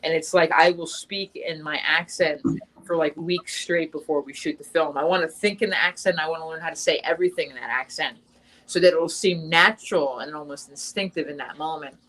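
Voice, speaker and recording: Lowish voiced woman chatting away as a guest, rambly, lots of ums and restarts. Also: brisk, a bit bright, low-quality recording. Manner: chatty, many fillers and restarts. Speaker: guest actress. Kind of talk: casual interview chat.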